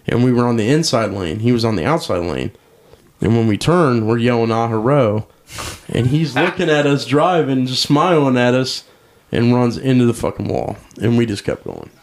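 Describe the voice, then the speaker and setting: A man's voice: mid-range voice, gravelly. A man co-hosting a crude, casual podcast, a brash, swearing storyteller who laughs a lot. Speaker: podcast co-host.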